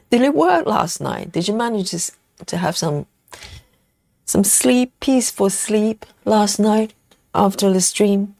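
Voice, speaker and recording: Lady chatting slow and easy on her stitching stream, bit of fry in her voice, dry close sound. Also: mid-range voice, no room sound. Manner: relaxed, unhurried, chatting to viewers. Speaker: host of a cross-stitch livestream. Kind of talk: casual live-stream chat while stitching. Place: at home in the evening.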